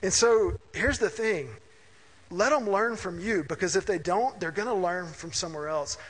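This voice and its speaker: Pastor, middle-aged man, high voice, conversational sermon in a reverberant church hall. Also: normal speed, a bit bright, breathy edge. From Mississippi. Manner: conversational, anecdotal, asks listeners "right?".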